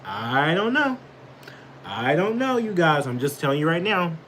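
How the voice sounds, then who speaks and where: A man's voice: fairly high pitch, sing-song, a little slow, a bit bright, slight background noise, rough recording. A man giving casual live political commentary, rambling, swearing and snapping back at chat comments. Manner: rambling, profane, reacts angrily to chat comments.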